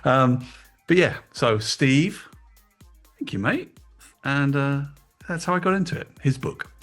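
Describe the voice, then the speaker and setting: A middle-aged man from England, a guest in an interview, telling animated, emotional stories about his past in casual chat. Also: mid-range voice, measured pace, soft background music. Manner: animated storytelling, emotional, self-deprecating. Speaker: guest, toy designer.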